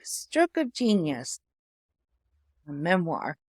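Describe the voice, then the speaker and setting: A middle-aged woman from Canada whose speech now has an Eastern European-sounding accent, talking slowly and haltingly with many pauses and fillers, affected by aphasia after a stroke. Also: fairly low pitch, sing-song, breathy edge, dry recording, studio quality. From Hamilton, Ontario, Canada. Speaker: memoir vlogger, former priest. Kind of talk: personal reflective talk to camera.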